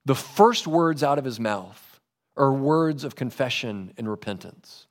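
A man preaching a sermon, lively in delivery, dropping low and soft when quoting scripture. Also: a little slow. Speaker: pastor.

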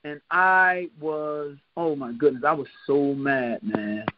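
In dull, lo-fi podcast audio with no room sound, a retired boxer from Philadelphia, USA, takes his time telling stories. His voice is high for a man, and as a guest in this casual interview he's animated, laughing frequently and acting out quotes.

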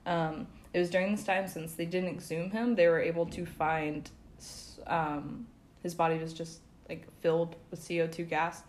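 A woman's voice: fairly low pitch, flat delivery, normal speed, a little mellow. A young woman casually retelling a true-crime case as a podcast co-host, peppering her talk with "um" and "like". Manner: chatty, many fillers like "um" and "like".

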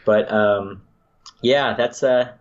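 A man's voice: fairly low pitch, very slow, muffled recording. A man hosting a podcast, chatting casually and enthusiastically with some rambling restarts. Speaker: podcast host.

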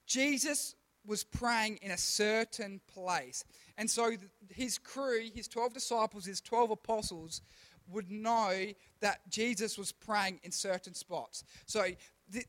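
Youth pastor, high voice, chatty slangy preaching with lively retold dialogue. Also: male voice. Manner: slangy, animated storytelling with quick asides. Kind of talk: casual youth sermon.

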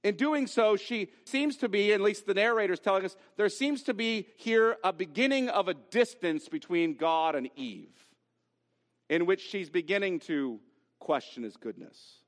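A pastor preaching an expository sermon, repeating key phrases with emphasis and reading scripture aloud. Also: male voice, high voice, lively intonation, a little slow. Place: church sanctuary. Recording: long reverb from a large hall.

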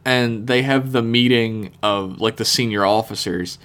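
A man's voice: lowish voice, clean tone. A man co-hosting a podcast, chatting casually and profanely about a TV episode. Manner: animated, profane, breaks into quick put-on voices. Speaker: podcast co-host.

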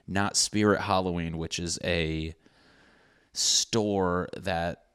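A man's voice: sits low, fairly even intonation, measured pace, creaky, fairly bright tone, no echo, clean studio sound. A man hosting a casual solo podcast from his apartment, talking in a rambling, profane, jokey way and wandering off on tangents. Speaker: podcast host. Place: apartment room with thin walls.

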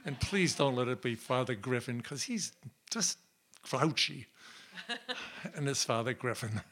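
A man telling a comic personal story on stage before a live audience, in a playful, animated way. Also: mid-range voice, unhurried.

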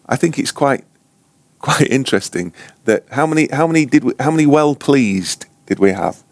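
A man's voice: medium pitch, expressive, moderate pace, a little mellow, no room sound. A man teaching a Bible class informally, rambling and joking, often breaking off mid-sentence. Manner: rambling, self-interrupting, joking. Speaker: ministry school teacher.

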